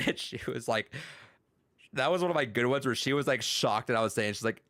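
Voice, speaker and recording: A man's voice: mid-range voice, moderate pace, long pauses, a bit bright, dry recording, studio quality. A man hosting a casual podcast, telling rambling classroom stories as a teacher, laughing often and using many fillers. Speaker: podcast host and school teacher.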